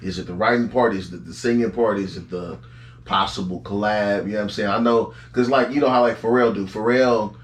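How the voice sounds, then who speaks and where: A man's voice: lowish voice, fairly quick, echoey room. A man hosting a podcast, talking loosely and with lots of slang in casual chat. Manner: loose, slangy, animated storytelling. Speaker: podcast host.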